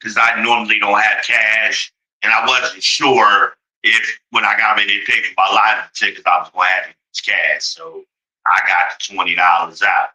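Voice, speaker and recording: A man's voice: fairly low pitch, little pitch movement, normal speed, bright, forceful tone, low-quality recording. A man venting to his viewers in a heated story, exasperated and swearing freely, with sudden mocking outbursts.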